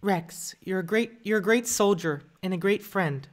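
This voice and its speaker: A man's voice: high-pitched, normal speed, voice pushed up, close to an everyday voice. A man doing Ahsoka, a bold young Jedi woman. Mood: defiant. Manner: crisp, with heavy stress on the s sounds. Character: young female Jedi warrior, bold and defiant. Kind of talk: voice impression on a live stream.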